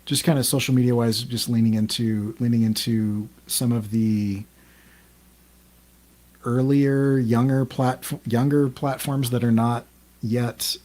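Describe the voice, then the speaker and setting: A man's voice: mid-range voice, fairly even intonation, measured pace, darkish tone. Rambling man with lots of restarts. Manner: rambling, full of ums and restarts. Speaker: podcast co-host. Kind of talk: casual group chat.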